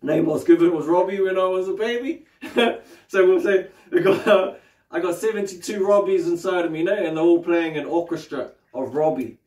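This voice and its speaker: A man's voice: sits high, moderate pace, a little mellow. A man with a New Zealand accent teaching meditation in a loose, casual way, swearing freely and tagging his sentences with questions. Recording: roomy, distant mic.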